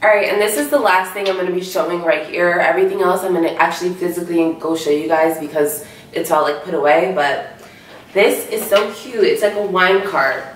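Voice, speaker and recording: Hoarse-voiced gushing young woman vlogger. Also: lowish voice, brisk, slight background noise. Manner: bubbly, gushing, lots of "like" and "so cute". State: sick, losing her voice. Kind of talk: casual chat to camera. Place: home room, indoors. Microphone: camera mic from a distance. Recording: echoey room, mic from far off.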